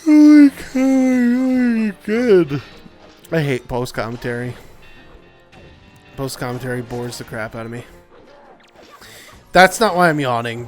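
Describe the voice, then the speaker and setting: A man's voice: a little high, a bit bright. A young man giving casual, rambling gameplay commentary, tired and yawning, with lots of filler words. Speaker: let's play commentator.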